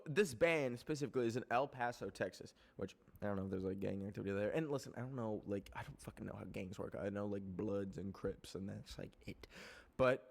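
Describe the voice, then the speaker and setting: A man from Canada, a streamer chatting casually to his viewers, rambling and swearing often, with excitable bursts. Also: mid-range voice. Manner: rambling, profane, excitable, with laughs.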